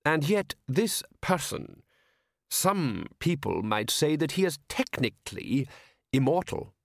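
A man's voice: fairly high pitch, very animated, slow pace, gravelly, no room sound, voice pushed up, heavily acted. Pompous older lord, flustered and exclamatory, read by a male narrator; dry close mic.

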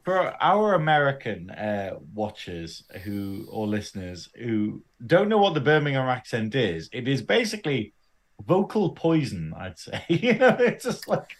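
A man's voice: mid-range voice, sing-song, a little slow. A man co-hosting a podcast in casual chat, laughing often and swearing freely. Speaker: podcast co-host.

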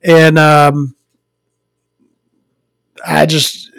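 A woman's voice: on the low side, big pitch swings, measured pace, pauses often, dry recording, low-quality recording. A woman who hosts a podcast from home, ranting casually and profanely with frequent chuckles. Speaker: podcast host. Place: at home with her dog.

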